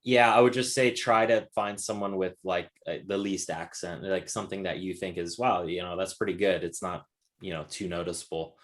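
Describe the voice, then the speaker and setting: A man hosting a casual webinar over a video call, answering questions in a relaxed, encouraging way with lots of "like" fillers. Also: deep voice, brisk. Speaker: webinar host and course instructor. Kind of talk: casual Q&A chat.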